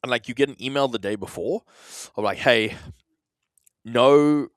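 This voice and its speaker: A man's voice: medium pitch, fast, dry recording. A man from South Africa with an Australian accent and South African traces, co-hosting a podcast in casual, rambling, self-deprecating chat with some swearing. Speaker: podcast co-host.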